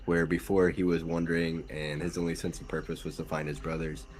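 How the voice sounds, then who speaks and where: A man playing in a tabletop game, relaxed and slow when describing his character. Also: rumbling low, a little hiss or hum. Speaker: player. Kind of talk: casual tabletop game talk.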